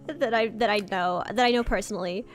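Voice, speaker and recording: A woman's voice: mid-range voice, fast, faint music behind. A woman chatting casually while drawing on a stream, rambling with lots of fillers and giggles.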